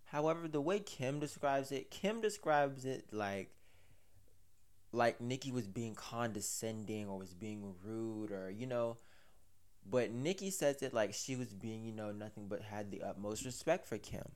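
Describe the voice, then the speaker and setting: A man's voice: fairly low pitch, unhurried, darkish tone. A man hosting a casual commentary, recapping a story with rambling, chatty asides. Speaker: commentary host.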